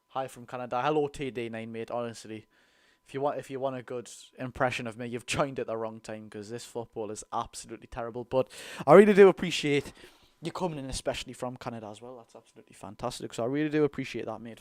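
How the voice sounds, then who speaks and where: A man with a Geordie accent giving blunt, chatty live commentary on a football match while thanking viewers in between. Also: medium pitch. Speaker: football watch-along streamer. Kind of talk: live watch-along commentary and chat.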